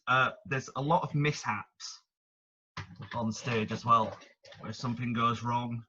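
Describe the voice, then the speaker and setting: A man hosting a podcast, chatting relaxed questions to a guest. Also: medium pitch, slow, breathy edge. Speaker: podcast host. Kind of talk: casual interview. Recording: dull lo-fi sound.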